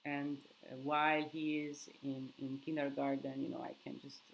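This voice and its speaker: A woman's voice: very deep voice, level tone, moderate pace, vocal fry, slight background noise, low-quality recording. A sleep-deprived young woman hosts a casual live Q&A. She answers viewer questions, thinking aloud and hunting for words.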